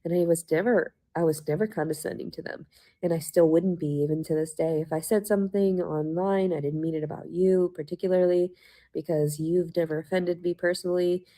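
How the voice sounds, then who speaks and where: A woman's voice: lowish voice, steady tone, brisk, warm tone. A woman ranting to her viewers in a mocking, sarcastic way, swearing often and laughing to herself. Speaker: vlogger.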